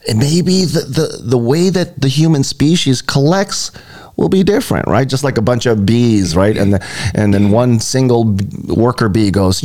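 A man's voice: mid-range voice, big pitch swings, measured pace, darkish tone. A man hosting a podcast in casual chat, ranting sardonically with plenty of swearing. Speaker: podcast host.

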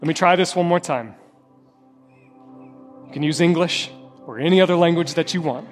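A man's voice: high-pitched, moderate pace, long pauses, in a large hall, soft background music. A man preaching a sermon as a pastor, impassioned, with a rising and falling, repetitive cadence. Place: church sanctuary.

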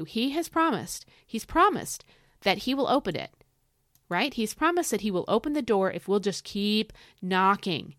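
Woman doing a faith podcast, casual and chatty, voice jumps up on key bits, dry close sound. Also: no echo. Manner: chatty and encouraging, many asides and repeated phrases; expressive, pitch swinging up on emphasis. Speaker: podcast host teaching from the Psalms. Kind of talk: casual devotional teaching.

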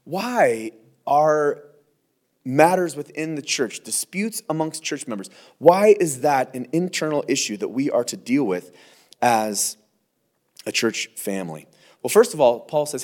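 A male pastor gives a verse-by-verse teaching in a slightly high, very animated voice. He talks conversationally and presses his points hard, often restarting and repeating words as he goes. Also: unhurried.

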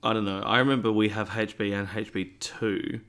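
A man's voice: fairly low pitch, steady tone, a little fast, fairly bright tone, smooth. A man co-hosting a podcast in laid-back casual chat, dropping dry quips. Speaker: podcast co-host.

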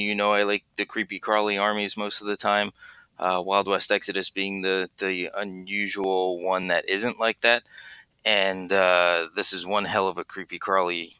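A man hosts a casual podcast chat with friends. His voice sits a little low but sounds bright and clean. The recording is dry and close. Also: clean tone, no echo. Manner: relaxed, swears casually, laughs often. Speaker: podcast host.

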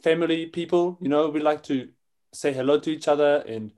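A man's voice: fairly high pitch, fairly even intonation, a little fast, a little mellow. A man telling a rambling, hesitant story as a student in an improv class.

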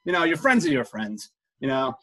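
A man's voice: a little high, sing-song, fairly quick, a bit bright. A man co-hosting a podcast, chatting casually and bluntly, swearing now and then. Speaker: podcast co-host. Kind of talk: casual chat.

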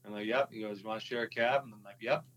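A former hockey player with a Minnesotan accent tells his story in a relaxed interview, halting often with fillers and restarts. His voice sits lowish, and the recording has its highs cut off with a faint hiss or hum.

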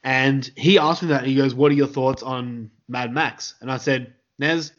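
A man's voice: mid-range voice, fairly even intonation, normal speed, lo-fi sound. An Australian man hosting a casual podcast chat, reading out trivia in a loose, joking way and laughing often. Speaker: podcast host.

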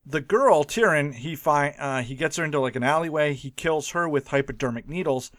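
A man's voice: on the high side, fairly quick, a bit bright, no echo, clean studio sound. Rambling, laughing male podcast co-host. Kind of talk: casual movie review chat.

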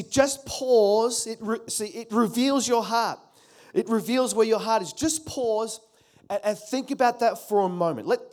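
High-voiced man preaching a sermon. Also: a little mellow. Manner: emphatic, repeats key phrases, calls on the congregation. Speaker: pastor.

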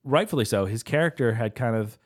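A man's voice: mid-range voice, lively intonation, fairly quick, slightly rough. A man co-hosting a casual podcast chat, telling stories in an enthusiastic, rambling way with fillers and restarts. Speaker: podcast co-host. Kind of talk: casual chat about films.

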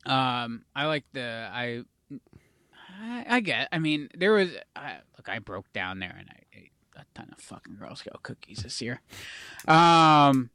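A man's voice: medium pitch, sing-song, unhurried, pushed and bright, no echo. A young adult man co-hosting a casual chat show, rambling, swearing casually and losing his train of thought. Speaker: podcast co-host.

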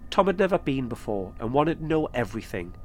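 A man narrating his own podcast episode in a calm, measured storytelling manner. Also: medium pitch, a little hiss or hum. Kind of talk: scripted narration.

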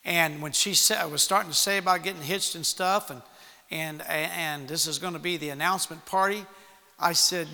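A man preaching, telling a personal story to young people in an animated way and acting out the voices in it. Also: on the high side, moderate pace, creaky. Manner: animated storytelling with acted-out quotes. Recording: long hall reverb.

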